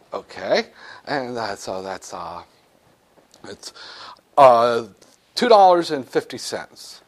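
A man teaching a business law class, lecturing in a joking way and acting out little scenes with students. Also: mid-range voice.

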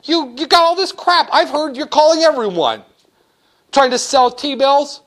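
A man's voice: very high-pitched, animated, measured pace, fairly bright tone, voice pushed up, full character voice. A man voicing a rude male banker who haggles sarcastically and curses. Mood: haggling. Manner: brash, sarcastic, cursing.

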